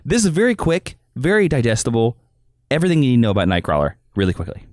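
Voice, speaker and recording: A man's voice: medium pitch, huge pitch swings, fast talker, a little mellow, dry recording, studio quality. A man co-hosting a podcast, chatting casually and explaining things. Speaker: podcast co-host.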